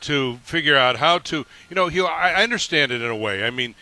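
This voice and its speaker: A man's voice: fairly high pitch, animated, sharp tone, no room sound. A man hosting a live sports radio show, upbeat and steering the conversation. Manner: quick, upbeat host who steers the conversation. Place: live remote broadcast at a racetrack. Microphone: broadcast microphone.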